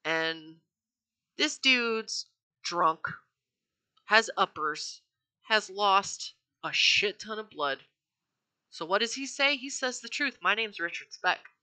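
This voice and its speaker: Very bright-voiced woman telling a true-crime story. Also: mid-range voice, animated, takes it slowly, long pauses. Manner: chatty and profane, with frequent fillers and self-corrections. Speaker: true-crime podcast host.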